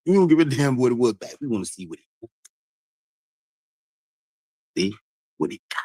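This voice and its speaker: A man's voice: medium pitch, normal speed, slightly rough, dry recording, poor audio. A man talking casually and repetitively to his stream audience, with frequent laughs. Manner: animated, repetitive, preachy, laughs often. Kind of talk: casual livestream talk.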